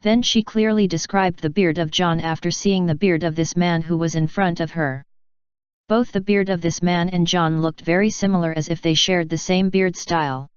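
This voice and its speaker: Woman audiobook narrator, steady even read, very smooth voice, dry dull lo-fi sound. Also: on the low side, normal speed, no echo.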